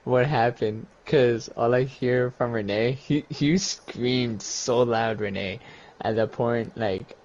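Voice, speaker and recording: A man's voice: medium pitch, takes it slowly, a little mellow, a little hiss or hum. A man in casual chat, telling a profane story between bursts of laughter. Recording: dull, muffled lo-fi audio.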